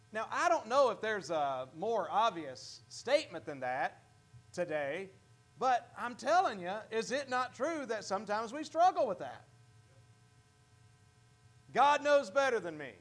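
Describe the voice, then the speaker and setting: A pastor preaching a sermon in a church, earnest, often repeating and restarting words. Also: male voice, high voice, sing-song, unhurried, fairly bright tone.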